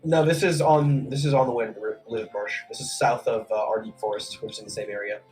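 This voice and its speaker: A man running a tabletop game as game master, talking in a relaxed, hesitant way with frequent ums. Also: medium pitch, fast, soft background music.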